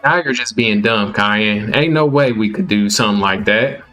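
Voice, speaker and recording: A humble, dutiful young country man with a Southern drawl, voiced by a man a little below his usual pitch. He speaks softly and politely, sounding weary. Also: normal speed, faint music behind. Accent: put-on Southern US drawl.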